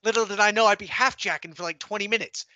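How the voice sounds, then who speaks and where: A man's voice: high voice, pushed and bright. A young man in casual podcast chat, joking and laughing often as he tells stories. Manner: laughs often, quick jokey asides. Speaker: podcast co-host.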